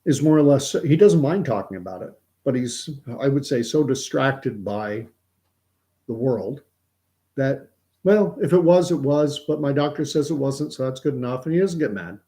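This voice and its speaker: A man's voice: medium pitch, expressive, normal speed, warm tone. A middle-aged man from Canada, hosting casual commentary in a rambling way with many restarts and repeated words. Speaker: host.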